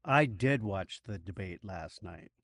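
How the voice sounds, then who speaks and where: A man's voice: on the low side, measured pace, no room sound. A middle-aged man co-hosting a podcast, chatting casually and acting out the people he quotes. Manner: animated storytelling, acts out quoted people. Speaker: podcast co-host. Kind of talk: casual chat.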